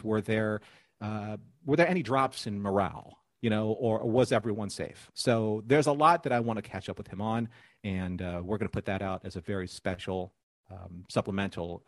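A man's voice: fairly low pitch, no room sound, clean studio sound. A man co-hosting a live podcast, chatting playfully and recapping an episode with puns and laughs. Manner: playful, jokey, laughs at his own puns. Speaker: podcast co-host.

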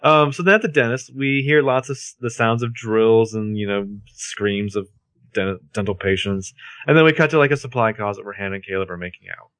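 A podcast co-host recaps a TV episode in casual chat, narrating it with wry, exasperated jokes. His voice is on the low side, a bit bright and smooth, a little fast, with no echo.

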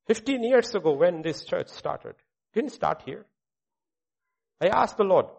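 A middle-aged male pastor preaching a sermon with a personal testimony, swinging between loud proclamation and hushed asides. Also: sits high, sing-song, normal speed, vocal fry, breathy edge.

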